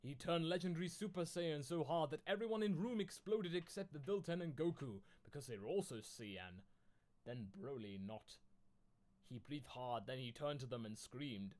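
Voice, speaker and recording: A man reads clumsy fan fiction aloud with mock gravity, stumbling over the broken sentences. His pitch rises and falls in wide, lively swings. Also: normal speed. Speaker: comedy host reading fan fiction. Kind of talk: mock-dramatic reading aloud.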